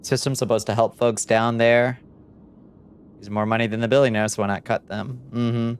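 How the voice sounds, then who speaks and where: A man's voice: medium pitch, little pitch movement, moderate pace, clear, resonant tone. A man chatting casually on a live stream, swearing freely and cooing at his cat between remarks.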